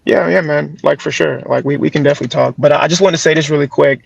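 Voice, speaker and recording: A man on a video call, talking in a friendly, halting way with many restarts. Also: on the high side, creaky, husky, no echo, highs cut off. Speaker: participant in a call. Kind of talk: casual chat.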